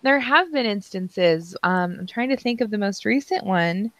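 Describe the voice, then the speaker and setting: A young woman chats casually as a co-host, laughing often and poking fun at herself. Her voice is recorded on a close mic with a dry, flat room sound. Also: medium pitch, moderate pace, no room sound. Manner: giggly and self-deprecating, laughs often. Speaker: podcast co-host. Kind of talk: casual chat.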